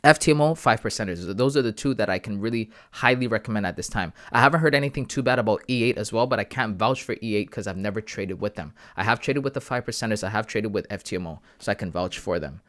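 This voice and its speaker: A man from Canada hosting a casual live stream. He chats with his viewers in a relaxed, friendly way about his trading, often calling them bro and man. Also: on the low side, fast talker, few pauses. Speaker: livestream host sharing trading analysis.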